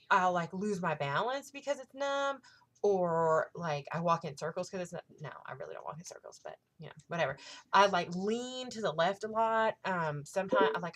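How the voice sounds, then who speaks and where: Excitable woman in her thirties, gushing. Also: medium pitch. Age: 30s. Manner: excitable, gushing, swears freely. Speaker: vlogger. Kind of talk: casual storytelling vlog.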